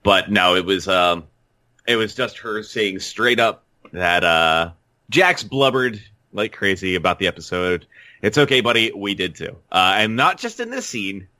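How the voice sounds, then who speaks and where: A man co-hosting a casual podcast, easygoing and full of filler pauses. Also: fairly low pitch, animated, sharp tone, dry recording, studio quality. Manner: easygoing, many filler uhs. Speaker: podcast co-host. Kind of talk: casual chat.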